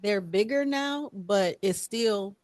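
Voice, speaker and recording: Young woman, podcast co-host, animated storyteller, dry close sound, mid-pitched voice. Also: slow, no echo. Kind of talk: casual chat.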